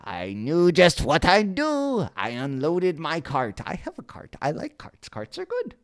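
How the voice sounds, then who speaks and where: A woman reads a picture book aloud in a deep voice, taking her time over the lines. Her pitch leaps all over the place as she trips on silly made-up words, corrects herself and drops cheeky side comments. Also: wildly swooping pitch, unhurried. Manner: playful, self-interrupting, swears then apologizes. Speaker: storyteller. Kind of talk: reading a children's story aloud with joking asides.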